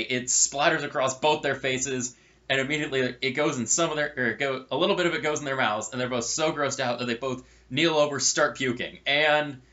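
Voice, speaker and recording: Man, storyteller, bright tense voice, wry asides, animated, muffled lo-fi recording. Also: mid-range voice. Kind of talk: casual story narration. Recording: dull lo-fi recording.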